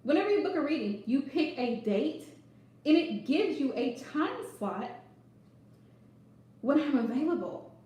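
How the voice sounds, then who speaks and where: Woman tarot reader, high voice, sarcastic livestream chatter, mic set back in a very echoey room. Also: very animated, measured pace, long pauses, a little mellow, highs cut off. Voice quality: sarcastic, laughing often. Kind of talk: casual livestream chat.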